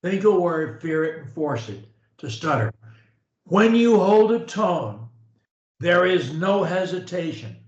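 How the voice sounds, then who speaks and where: A man working as a speech coach, talking slowly and stretching his words on a steady tone as he guides a client. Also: on the high side, echoey room, dull audio. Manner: slow, drawn-out speech that holds a steady tone. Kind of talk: coaching conversation.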